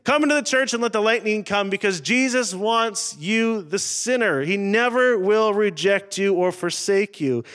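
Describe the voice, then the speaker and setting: A man with a rather high voice preaches to his church congregation. He talks earnestly and conversationally, with dramatic pauses. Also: a bit bright, clear, resonant tone. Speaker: pastor. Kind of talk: sermon.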